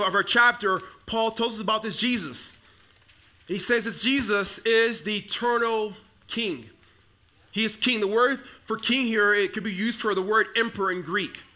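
Young male pastor from the Congo, high bright voice, chatty storytelling sermon in a church. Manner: storytelling, conversational with repeated restarts. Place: church sanctuary.

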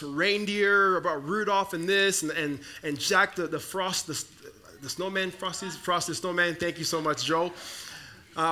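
Bright-toned young preacher telling stories. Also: male voice, high voice. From Congo. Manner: storytelling, conversational with repeated restarts. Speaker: pastor. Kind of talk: sermon. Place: church sanctuary.

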